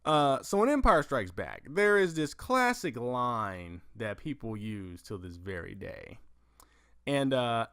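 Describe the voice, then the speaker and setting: A man hosting a casual movie news podcast, profane and animated, acting out lines from films as he tells them. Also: medium pitch, slow pace, clear, resonant tone, no room sound, clean studio sound. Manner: profane, animated storytelling with acted-out quotes. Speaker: podcast host.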